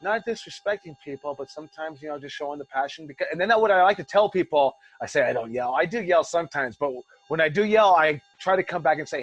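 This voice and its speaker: Profane rambling wrestling coach, slightly high voice. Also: male voice, quick pace, few pauses, muffled recording. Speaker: wrestling school head coach. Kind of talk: casual online class talk. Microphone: video call.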